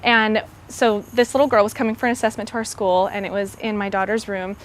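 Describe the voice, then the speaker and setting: A woman's voice: mid-range voice, flat delivery, a little fast, a little hiss or hum. A woman who is a preschool teacher and parent, answering interview questions earnestly with a few hesitant fillers. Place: school campus. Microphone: clip-on microphone.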